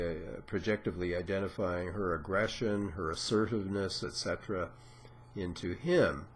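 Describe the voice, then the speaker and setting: A man giving an informal lecture, explaining step by step with frequent pauses and filler sounds. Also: lowish voice, a little hiss or hum. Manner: explanatory, unhurried, many "uh" and "um" pauses; acts out patient dialogue in a raised voice. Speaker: lecturer on psychoanalysis.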